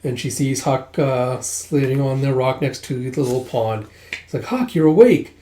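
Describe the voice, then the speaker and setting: A man's voice: medium pitch, fairly even intonation, moderate pace, dark tone, a little hiss or hum. A man doing a casual readthrough of a comic, retelling the scenes loosely with plenty of fillers. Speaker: comic reader. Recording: echoey room.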